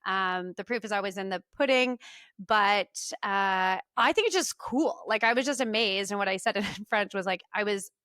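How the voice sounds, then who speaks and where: A woman's voice: mid-range voice, moderate pace, a bit bright, clear, resonant tone, no room sound, studio quality. A woman co-hosting a podcast in casual chat from a hotel room, bubbly and laughing often. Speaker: podcast co-host.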